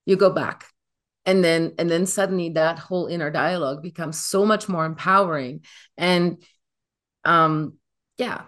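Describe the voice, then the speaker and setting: A woman's voice: lowish voice, steady tone, moderate pace, fairly bright tone. A woman answering as an interview guest, affirming and emphatic.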